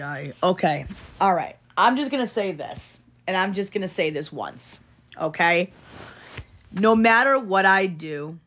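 A woman's voice: on the low side, a bit bright. Woman livestreamer repeating "okay?" to chat. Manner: repetitive, keeps adding "okay?" to reassure viewers; earnest, lectures viewers on ignoring online hate.

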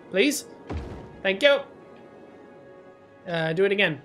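A gaming YouTuber with a high, bright, forceful voice speaks a little slowly and pauses often. In let's-play commentary on his own city-building game, he rambles, mocks himself and slips into silly sing-song and nonsense sounds, with faint game music behind him.

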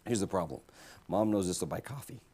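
A man's voice: low-pitched, lively intonation, fairly quick, dark tone, a little hiss or hum. A man preaching a guest sermon in a church, joking with the congregation and bringing people up to take part. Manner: jokey, playful, talks to the congregation. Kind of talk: humorous sermon with audience interaction. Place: church sanctuary.

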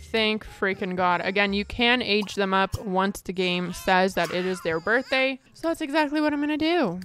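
A woman's voice: medium pitch, fairly bright tone, a little hiss or hum. A young woman giving dramatic, exasperated casual commentary while playing a life-sim game. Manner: dramatic, exasperated, mild cursing. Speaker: gaming streamer.

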